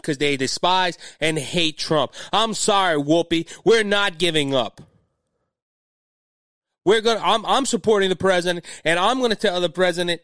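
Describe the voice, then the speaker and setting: High-voiced, agitated Cajun man. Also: lively intonation, moderate pace, a bit bright, no room sound, clean studio sound. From Louisiana. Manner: agitated, rambling, repeats words. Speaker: podcast host. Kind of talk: political podcast commentary.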